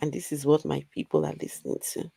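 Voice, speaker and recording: A woman's voice: sits low, big pitch swings, quick pace, creaky, dark tone, slightly rough, dry recording. A woman hosting a casual live stream, blunt and exasperated as she comments to her co-host.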